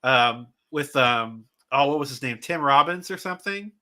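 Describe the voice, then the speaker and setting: A man's voice: mid-range voice, expressive, normal speed, pushed and bright. A man co-hosting a casual live-stream chat, rambling and laughing easily while sharing fun facts. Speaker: co-host.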